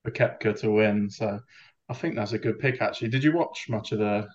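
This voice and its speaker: A man's voice: fairly low pitch, fairly quick. Laid-back man hosting a podcast. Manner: easygoing, chatty banter. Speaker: podcast host. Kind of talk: casual chat. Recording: slightly dull lo-fi sound.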